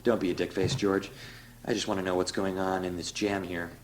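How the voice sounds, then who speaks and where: A man's voice: deep voice, flat delivery, a little fast, a little hiss or hum, voice pushed down, lightly acted, low-quality recording. A man doing a blunt, rude hothead. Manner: blunt, insulting. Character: rude, hot-tempered man.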